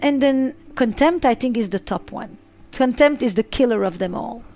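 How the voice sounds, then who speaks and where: A woman's voice: on the high side, lively intonation, moderate pace, dark tone. Emphatic middle-aged woman therapist. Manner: emphatic, lists ideas in repeated phrases. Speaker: psychotherapist. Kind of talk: interview answers.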